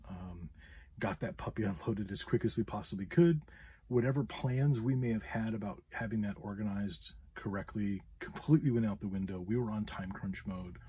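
A man's voice: lowish voice, moderate pace, mellow, slight background noise. A man hosting a podcast, telling a frustrated story in a casual monologue with many fillers. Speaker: podcast host.

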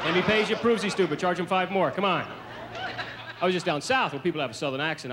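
A man from the American South doing a stand-up comedy routine on a TV stage, with a brisk, punchy delivery. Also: fairly high pitch, a bit bright. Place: comedy stage before a live audience. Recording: noisy 1980s TV stage recording.

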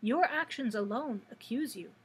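A woman voicing a regal young fairy princess in a storybook read-aloud, gentle but firm. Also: a little high, lively intonation, moderate pace, husky, heavily acted, low-quality recording. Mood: stern.

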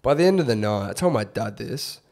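A man's voice: mid-range voice, animated, fairly quick, a little mellow. Laid-back young man telling stories. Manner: laid-back storytelling, slangy. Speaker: podcast co-host. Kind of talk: casual chat.

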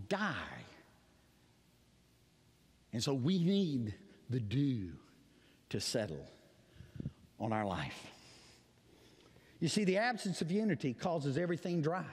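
A man preaching a sermon as pastor, telling stories dramatically, swinging between loud cries and quiet asides. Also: fairly high pitch, sing-song, takes it slowly, pauses often, breathy edge. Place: church sanctuary. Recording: long church hall reverb.

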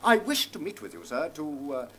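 A man's voice: on the high side, huge pitch swings, normal speed, a bit bright, husky, full character voice. An actor playing a flustered, stammering young officer making excuses to his father, in a stage play recording. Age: young adult.

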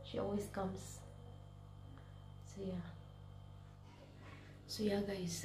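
Sick with a cold and self-quarantining in her bedroom, an English teacher records a casual vlog, speaking wearily and frequently slipping into a whisper. Her mid-range voice is flat and dark, with drawn-out words and frequent pauses, and the roomy recording carries a little hiss or hum.

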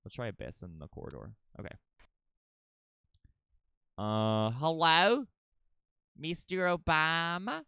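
A young adult livestreamer giving excitable, casual commentary during gameplay, thinking aloud, swearing freely and chatting with viewers. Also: mid-range voice, no echo, clean studio sound.

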